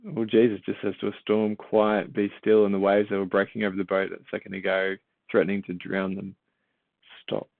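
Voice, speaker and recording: A man with a lowish, gravelly voice reads a Bible passage aloud, then explains it conversationally. He asks listeners rhetorical questions and stumbles over repeated words as he thinks. The sound is thin and phone-like, with no room echo. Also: flat delivery, brisk. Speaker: church Bible reader and teacher. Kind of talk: Bible reading and informal teaching. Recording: tinny phone-like, dry sound.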